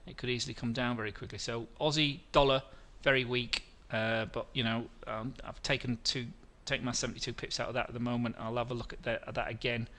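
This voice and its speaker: A man's voice: medium pitch, flat delivery, fast talker, hardly any pauses, bright, forceful tone. A middle-aged man hosting a live trading webinar, walking through charts, answering viewer questions and often correcting himself mid-sentence.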